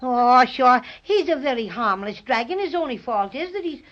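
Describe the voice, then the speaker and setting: A woman voicing a small, boastful stuffed bear in a 1930s radio drama, chirpy and quick to panic. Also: sits high, lively intonation. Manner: chirpy, brags then panics. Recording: dull lo-fi old radio recording.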